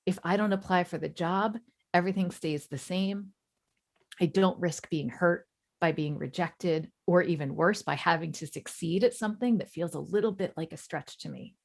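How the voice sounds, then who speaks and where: A woman in her forties leads a coaching webinar. Her voice sits low with plenty of vocal fry, and she talks in a conversational, reassuring way. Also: moderate pace. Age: 40s. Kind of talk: webinar talk.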